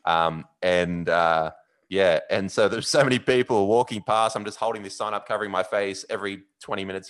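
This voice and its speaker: A man with an Australian accent, a podcast host telling a long story in a rambling, animated way, with many fillers. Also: deep voice, brisk. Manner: animated, rambling, with fillers and loud yelled bits. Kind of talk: casual storytelling.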